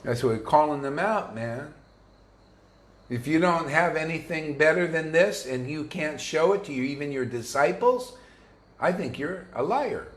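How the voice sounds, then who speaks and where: A man gives a loose, combative devotional sermon, talking bluntly in slang and often restarting his sentences. His voice sits a little high. The sound rings in a roomy, echoey space. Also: lively intonation, measured pace. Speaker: spiritual teacher.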